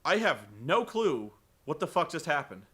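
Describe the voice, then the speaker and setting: A man recapping a wrestling show for comedy, rambling and incredulous, swearing and acting out the quotes loudly. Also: a little high, big pitch swings, moderate pace, breathy edge.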